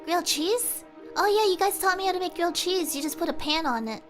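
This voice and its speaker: A young woman streaming a casual watch-along, excitable and rambling, with frequent gasps. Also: very high-pitched, fairly quick, soft background music.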